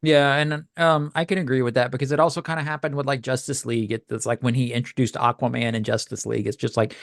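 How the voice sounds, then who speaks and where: Man, podcast co-host, casual rambling talk, lots of ums, mid pitch, dry close sound. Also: steady tone, fast talker, creaky, few pauses, no echo. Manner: rambling, hesitant, many fillers and restarts. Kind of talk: casual review chat.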